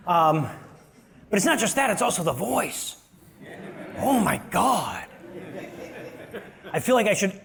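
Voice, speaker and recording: A man with a noticeably high voice gives a lively, joking talk from a stage. His humor is self-deprecating and quick, built like stand-up comedy. He speaks as a guest at a live show. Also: gravelly, very noisy. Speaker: guest speaker, activist and podcaster. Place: live stage before an audience.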